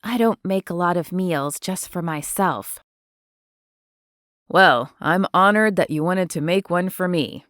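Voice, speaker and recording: Lady reading as a laid-back young cowboy guy, gentle, a bit lower, dry close sound. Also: measured pace, dry recording. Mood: easygoing. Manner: gentle, relaxed drawl-free talk. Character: young male cowboy, easygoing and affectionate. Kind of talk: audiobook character voice.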